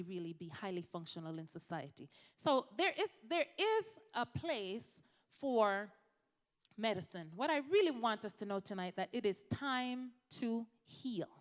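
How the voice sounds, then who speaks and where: A woman's voice: on the high side, in a large hall. A woman from Jamaica, a physician giving a conversational health talk to a church congregation, addressing the audience directly. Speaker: physician speaker.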